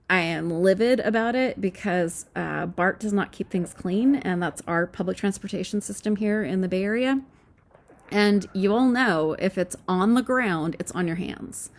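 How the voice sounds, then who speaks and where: Middle-aged woman host, casual snarky storyteller, creaky voice. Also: mid-range voice. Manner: snarky, candid, laughs often. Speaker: podcast host.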